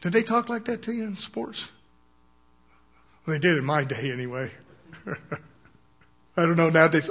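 In a high, slightly rough and somewhat bright voice, an older male preacher gives an expressive, unhurried sermon, pausing often. He talks to his congregation as a plain-spoken pastor, folksy and loose, laughing softly and asking again and again for an "Amen."

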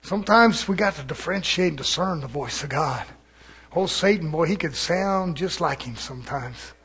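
A man preaching an evening sermon in a church, fervent, swinging between shouted lines and hushed asides. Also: a little high, lively intonation, moderate pace, husky.

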